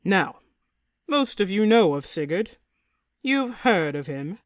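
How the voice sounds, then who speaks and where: A woman voicing a boisterous, tipsy middle-aged king in an audiobook, loud and blustering. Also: medium pitch, sing-song, takes it slowly, no room sound, studio quality. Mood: speechmaking. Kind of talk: audiobook character reading.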